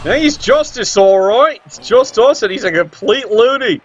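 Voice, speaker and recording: A man commentating a game, sarcastic and excitable, swearing often. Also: very high voice, moderate pace, lo-fi sound, over music. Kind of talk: tabletop video game commentary.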